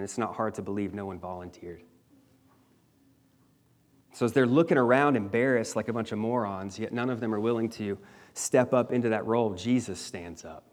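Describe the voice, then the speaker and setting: Emphatic male preacher telling a scripture story. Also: medium pitch. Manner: emphatic, dramatic storytelling with shifting volume; casual slang asides. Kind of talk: sermon.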